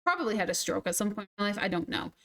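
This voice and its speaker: A woman in her twenties, a game streamer, chats with a medium-pitched, sing-song, slightly bright voice at rapid-fire speed. Her casual stories ramble and turn self-deprecating, and she mimics others when quoting them.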